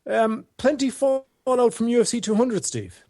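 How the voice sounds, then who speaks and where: A man's voice: very high-pitched, animated, normal speed, warm tone. Wry man co-hosting a podcast. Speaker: podcast co-host. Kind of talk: casual chat.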